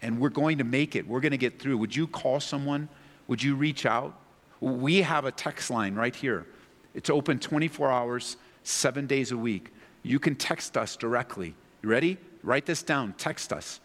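A man's voice: medium pitch, normal speed, a bit bright, in a large hall. A man preaching a sermon as a pastor, earnest and pleading, building to impassioned peaks.

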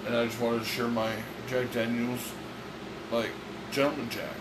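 A man's voice: medium pitch, little pitch movement, moderate pace, very noisy. Give me a teasing, bickering man in an echoey room. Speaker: podcast co-host. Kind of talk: casual argumentative chat. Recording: echoey room with humming air conditioner.

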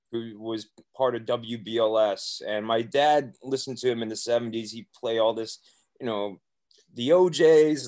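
A man's voice: mid-range voice, a little mellow, no echo. A young man chatting on a college radio show, upbeat and talkative, often restarting his sentences. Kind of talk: casual radio chat.

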